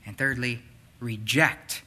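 A man preaching a sermon, swinging between loud, urgent passages and hushed, near-whispered ones. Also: medium pitch, steady tone, slow pace. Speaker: pastor.

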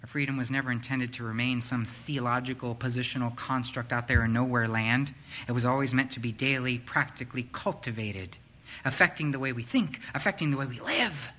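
A man preaching a sermon, swinging between loud, urgent passages and hushed, near-whispered ones. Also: medium pitch, brisk. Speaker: pastor.

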